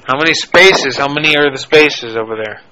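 A man's voice: medium pitch, fairly quick, sharp tone, poor audio. A man playing a touchy adult male prank caller who keeps taking offense and repeats himself. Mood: pushy. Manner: indignant, repetitive, picks fights over words. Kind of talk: prank phone call.

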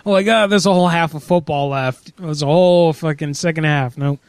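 A man chats loosely as a podcast host, cursing constantly and breaking into laughter. His voice sits a little higher than most men's. He sounds relaxed and unbothered. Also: a little fast, smooth, no echo. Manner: profane, laughing, loose storytelling. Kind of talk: casual chat about prank texts and calls.

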